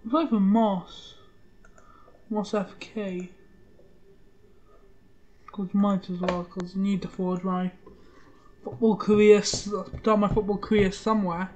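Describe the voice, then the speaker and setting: A woman's voice: mid-range voice, level tone, slow pace, pauses often, darkish tone, muffled recording, slight background noise. Rambling woman muttering through gameplay. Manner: rambling, muttering, swears casually. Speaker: gaming channel host. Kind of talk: casual let's-play commentary.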